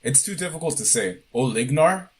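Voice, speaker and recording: A young man co-hosting a podcast in casual chat, relaxed and animated, swearing freely. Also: mid-range voice, moderate pace, husky. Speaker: podcast co-host.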